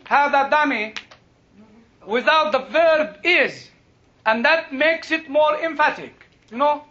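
Man, Bible teacher; very high, bright voice, slow delivery, dull lo-fi recording. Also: lively intonation. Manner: slow, searching for English words. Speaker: Bible lecturer. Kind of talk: informal Bible talk. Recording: dull lo-fi sound.

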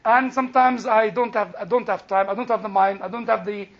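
A man's voice: high voice, fairly even intonation, a little fast. An older man with an Egyptian accent, teaching a Bible class in a chatty storytelling way with frequent laughs and restarts. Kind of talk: sermon with storytelling. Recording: dull lo-fi recording.

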